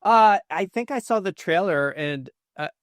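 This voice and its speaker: A man's voice: high-pitched, lively intonation, clear, resonant tone, no room sound, studio quality. Chatty man co-hosting a podcast. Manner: chatty, quick bursts, frequent laughs. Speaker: podcast co-host. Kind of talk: casual movie review chat.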